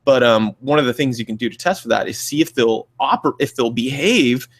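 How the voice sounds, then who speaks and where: A man co-hosting a casual podcast, talking at a middling pitch. He rambles through plenty of fillers and restarts. When he quotes other people he jumps his voice up to act them out. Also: fairly quick. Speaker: podcast co-host; clinician. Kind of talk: casual chat.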